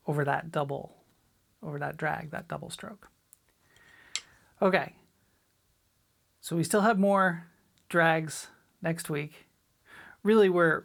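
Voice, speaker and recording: A middle-aged woman teaching a drum lesson in a relaxed, chatty way, sometimes scatting rhythms aloud. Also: sits low, gravelly. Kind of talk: casual spoken lesson.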